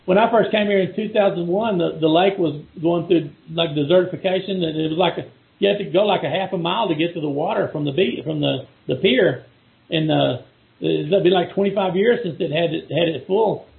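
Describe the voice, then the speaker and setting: A man's voice: on the high side, a little fast, gravelly. Rambling Texan man on a call line. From Texas. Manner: rambling, many restarts and repeated words. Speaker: guest. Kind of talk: casual chat over a call. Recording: phone-like call audio.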